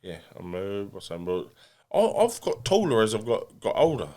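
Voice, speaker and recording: A man's voice: fairly low pitch, sing-song, moderate pace, dark tone. An English man, a boxer and podcast guest, talking bluntly and self-deprecatingly with many restarts. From England. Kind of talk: casual podcast interview.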